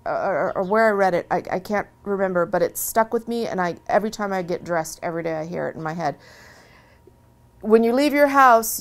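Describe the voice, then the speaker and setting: A woman speaking in a long interview, talking earnestly about her own experience in a lively, conversational way and often restarting her phrases. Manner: earnest and animated, with lively swings in pitch. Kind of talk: long-form interview, casual personal talk.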